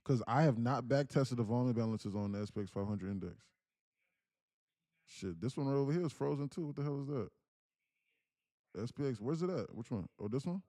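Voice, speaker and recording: A man's voice: mid-range voice, animated, a little fast, pauses often, mellow, dry recording, studio quality. A man live-streaming his day trades, talking casually to his chat and breaking into laughter.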